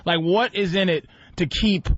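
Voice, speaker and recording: A man's voice: high voice, normal speed, no echo. Blunt teasing man on radio. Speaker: radio guest comedian. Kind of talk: casual radio banter. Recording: dull lo-fi radio with noise.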